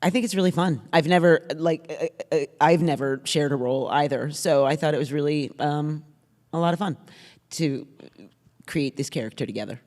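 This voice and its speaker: A woman from New Jersey, an actor chatting casually on a stage panel, enthusiastic and quick to laugh. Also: deep voice, a little mellow. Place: stage panel in a large auditorium. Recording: long hall reverb from a live stage.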